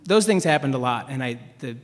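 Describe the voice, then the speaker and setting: Young male panelist, mid pitch, loose self-mocking storyteller, reverberant hall. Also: expressive, fairly quick. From Chicago, US. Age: young adult. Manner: rambling, self-deprecating, restarts often, laughs at himself. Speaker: writer on a panel. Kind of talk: anecdotal storytelling. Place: event hall with an audience.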